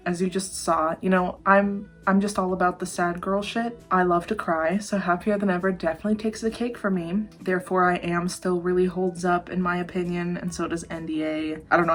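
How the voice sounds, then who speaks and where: Gushing young woman reacting to music. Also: fairly low pitch. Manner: gushing, excitable, swears freely. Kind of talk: casual album reaction.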